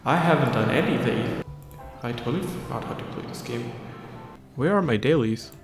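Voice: mid-range voice, lively intonation, moderate pace. A gaming channel host chatting casually and laughing a lot while playing. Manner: laughs a lot, teasing and upbeat. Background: game music.

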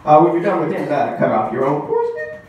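A man's voice: fairly high pitch, huge pitch swings, fast, a little mellow, pitched below the performer's own voice. A comedian voicing God as a curt, offhand male deity giving blunt orders. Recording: echoey club mic heard from far off.

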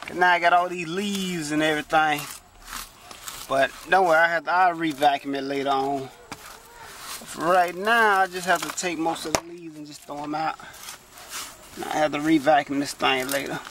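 A man's voice: a little high, fairly even intonation, moderate pace, a bit bright, a little hiss or hum. A man doing a casual how-to car repair vlog, chatty and exclaiming often as he talks straight to viewers while working inside a parked car. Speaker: vlogger.

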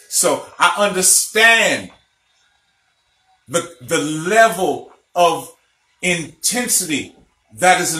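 Man, middle-aged, fairly high voice, bright tone, emphatic lecturing, echoey recording. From Illinois, USA. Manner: emphatic storyteller, checks in with listeners. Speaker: spiritual teacher. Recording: echoey room, faint music behind.

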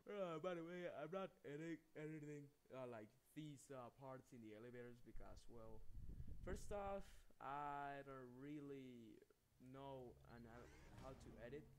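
A man's voice: mid-range voice, unhurried, a little hiss or hum. Rambling man narrating his gameplay. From Colombia. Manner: rambling, swearing, self-mocking. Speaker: gamer. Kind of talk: casual let's-play commentary.

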